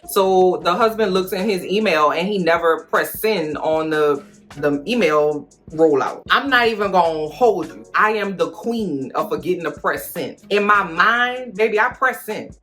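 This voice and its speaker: A woman giving a sassy, animated TV recap and acting out characters in high voices. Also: normal speed, soft background music. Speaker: recap vlogger. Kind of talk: casual reaction recap.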